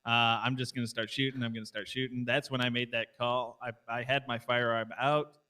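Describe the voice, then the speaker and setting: A man's voice: mid-range voice, little pitch movement, brisk, bright, forceful tone, clear, resonant tone. A man playing a police officer, politely explaining his actions to a superior during a debrief. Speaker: police officer in role-play. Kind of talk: in-character debrief.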